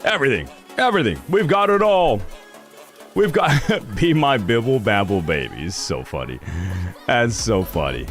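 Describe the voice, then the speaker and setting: A man's voice: mid-range voice, sing-song, normal speed, faint music behind. A young man streaming live, chatting casually with his viewers, ranting animatedly and swearing freely.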